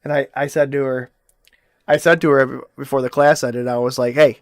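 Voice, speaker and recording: A man's voice: medium pitch, steady tone, normal speed, no echo. Male solo host, casual and rambling, with a lot of swearing and a dry, close sound. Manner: rambling, swearing, restarts often. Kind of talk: casual chat.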